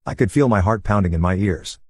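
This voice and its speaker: Man, low husky voice, even storytelling delivery, dry close voice-over. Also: brisk, no echo. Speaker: narrator. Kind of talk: first-person story narration over gameplay.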